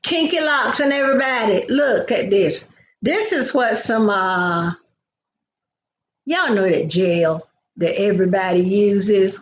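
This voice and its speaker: A woman's voice: on the high side, reverberant, slight background noise. An older woman, hosting a casual live chat, greeting viewers by name and drifting into family stories. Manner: chatty, greets viewers by name, storytelling asides. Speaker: livestream host.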